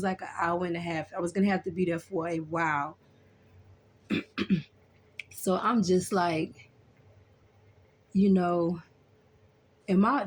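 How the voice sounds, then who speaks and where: Young woman, casual storytelling, chatty, colloquial, middle pitch, faint background noise. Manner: chatty, colloquial, frequent "you know what I'm saying".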